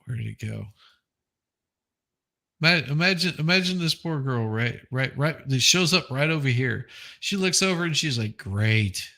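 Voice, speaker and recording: Lively, gravelly-voiced man streaming. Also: on the high side, normal speed. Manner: chatty, joking, reacts aloud. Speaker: streamer host. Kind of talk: casual reaction stream chat.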